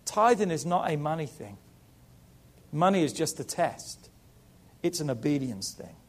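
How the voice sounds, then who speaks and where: A man's voice: on the high side, big pitch swings, a little slow. A middle-aged man preaching a sermon as pastor, building emphasis through repeated rising phrases.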